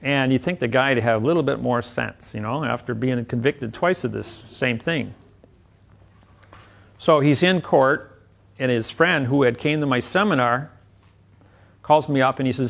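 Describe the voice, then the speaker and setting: A man with a gravelly, creaky voice at a middling pitch, speaking as a seminar speaker. He tells a rambling anecdote and rattles off legal codes in a lecture-style storytelling delivery. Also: moderate pace, long pauses.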